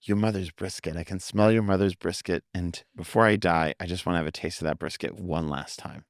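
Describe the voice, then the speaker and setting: A man voicing a dying elderly father in a joke, speaking low and fading. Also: fairly quick, dry recording, clean studio sound. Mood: weary.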